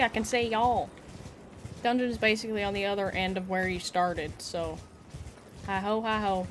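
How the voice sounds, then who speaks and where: Chatty woman streaming a game, noisy mix. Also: medium pitch. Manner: chatty, answers chat, playful asides and giggles. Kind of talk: casual live-stream gameplay chat. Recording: clear game noise under the voice.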